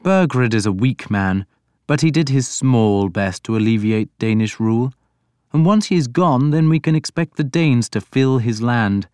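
A man voicing a mild but stern scholarly king in an audiobook, speaking in a measured way. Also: medium pitch, lively intonation, darkish tone, clean tone, dry recording, clean studio sound, natural voice. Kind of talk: audiobook character voice.

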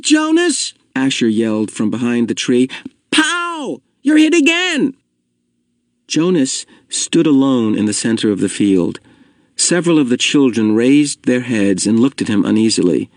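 A man reading a story aloud in steady, measured scripted narration. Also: medium pitch, no room sound, clean studio sound. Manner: steady, measured reading, slowing at heavy moments. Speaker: audiobook narrator.

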